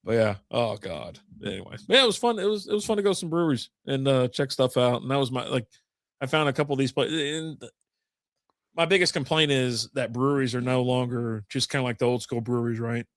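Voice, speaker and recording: A man's voice: medium pitch, a little fast, no room sound, clean studio sound. A man with a drawl, co-hosting a podcast, rambling through stories over beers and swearing freely. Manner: rambling storyteller, swears a lot. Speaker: podcast co-host. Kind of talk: casual chat over beers.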